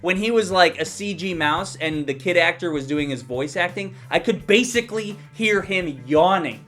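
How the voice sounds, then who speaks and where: A man's voice: high-pitched, animated, moderate pace, hardly any pauses, a bit bright, soft background music. A young man giving a heated, profane rant as a movie reviewer, sounding exasperated and blunt.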